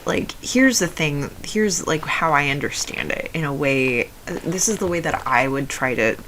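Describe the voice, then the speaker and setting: A young adult woman with a low voice often taken for a man's, telling a personal story in a rambling way with many fillers and restarts. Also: expressive, measured pace, a bit bright, slight background noise, low-quality recording. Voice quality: low voice often heard as male. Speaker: video essayist.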